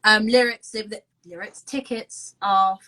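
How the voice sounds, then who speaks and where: Bright-voiced young London woman. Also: medium pitch, steady tone, measured pace, poor audio. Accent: London English. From London, England. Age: 20s. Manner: rambling, full of ums and restarts. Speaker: co-host, musician. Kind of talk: casual video-call chat.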